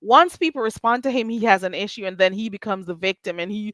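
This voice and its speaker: A woman hosting a casual livestream commentary, reading chat aloud and ranting bluntly with plenty of swearing and sudden loud jumps in pitch. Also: fast, few pauses, dry recording. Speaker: YouTube commentary host.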